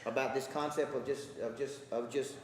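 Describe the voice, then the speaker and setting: A man's voice: mid-range voice, fairly even intonation, normal speed. A man coaching a live audience, emphatic, constantly checking in with the crowd. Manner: emphatic, repeats rhetorical check-ins with the crowd. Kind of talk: seminar talk to an audience. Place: large hall with a live audience. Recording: echoey hall from far off.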